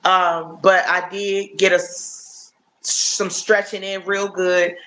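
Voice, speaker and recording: A woman in her fifties chatting casually and warmly to her viewers on a phone livestream, often checking in with "you know what I'm saying?". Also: lowish voice, flat delivery, slow. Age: 50s. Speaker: livestream host.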